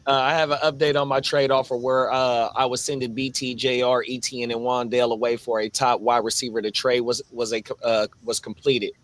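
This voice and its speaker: A man's voice: medium pitch, little pitch movement, fairly quick, hardly any pauses, dry recording. A man chats upbeat on a podcast, using slang and short reactions. His voice sits mid-range. The sound is dry and close. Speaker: podcast co-host. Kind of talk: casual chat.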